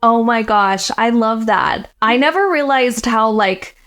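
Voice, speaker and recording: A woman's voice: fairly high pitch, unhurried, a bit bright. A woman from Pittsburgh hosting a casual podcast interview, effusive and encouraging with her guest. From Pittsburgh, Western Pennsylvania. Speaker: podcast host.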